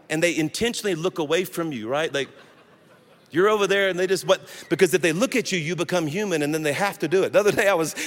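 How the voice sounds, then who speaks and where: A man in his sixties preaching a sermon in a church, telling funny stories with lively energy. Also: fairly high pitch. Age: 60s. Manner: animated storytelling with humor. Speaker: guest pastor. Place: church sanctuary. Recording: long hall reverb.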